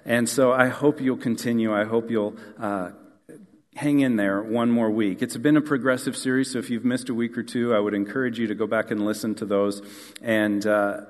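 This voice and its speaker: A male pastor preaching a sermon in a relaxed, conversational storytelling way, with frequent fillers and restarts. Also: medium pitch, normal speed. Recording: long church hall reverb.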